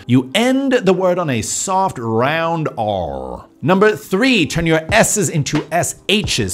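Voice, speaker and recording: Lively playful man teaching pronunciation. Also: on the high side. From Netherlands. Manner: playful, demonstrative, draws sounds out. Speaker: accent coach. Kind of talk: upbeat video lesson. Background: faint music.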